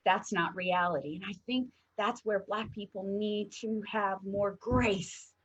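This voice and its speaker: A woman co-hosting a heartfelt discussion show, telling stories in an animated way and acting out quotes. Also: medium pitch, measured pace, breathy edge, low-quality recording. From northern United States. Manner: animated storyteller, acts out quotes. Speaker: co-host.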